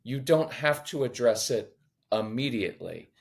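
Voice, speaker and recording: A man on a parenting podcast, talking in a lively, conversational teaching way, acting out quoted voices and joking now and then. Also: medium pitch, a little slow, creaky. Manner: animated, acts out quoted voices, jokes.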